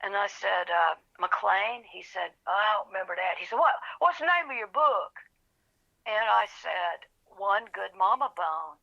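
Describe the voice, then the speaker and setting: A woman's voice: mid-range voice, measured pace, gravelly, dull audio. A woman author, telling her story as a podcast guest and acting out the voices of the people in it. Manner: animated storyteller, acts out quoted voices, gets emotional. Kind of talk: storytelling in an interview.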